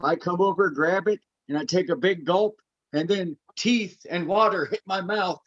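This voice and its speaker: A man co-hosting a casual podcast, telling a family story with animated emphasis and repeated "man". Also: high voice, normal speed. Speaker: podcast co-host. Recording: slightly dull lo-fi sound.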